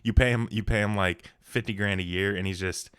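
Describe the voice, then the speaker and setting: A man's voice: on the low side, brisk, clear, resonant tone, no echo, clean studio sound. A man co-hosting a casual comedy podcast, telling stories with lots of energy and slipping into exaggerated voices for the people in them. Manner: animated storyteller, jumps into exaggerated voices for people in his stories. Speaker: podcast co-host.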